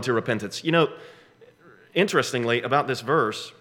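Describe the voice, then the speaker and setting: Middle-aged male pastor, bright and forceful tone, emphatic sermon delivery with dramatic pauses. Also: mid-range voice. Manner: emphatic preaching with dramatic slowdowns and repeated phrases.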